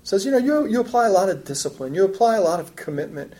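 A woman's voice: mid-range voice, sing-song, fast talker, warm tone. A woman preaching a sermon, acting out quoted taunts with sarcastic emphasis. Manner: voices God's taunts with rising sarcastic emphasis.

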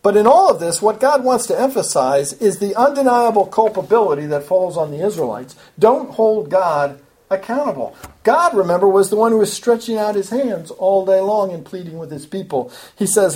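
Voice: animated, moderate pace, a little mellow. A preacher teaching through scripture verse by verse, with earnest emphasis and repeated, restarted phrases. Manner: earnest, emphatic, rises in pitch and volume when stressing a point; talks in repeating, back-and-forth phrases with small restarts. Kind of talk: expository Bible teaching.

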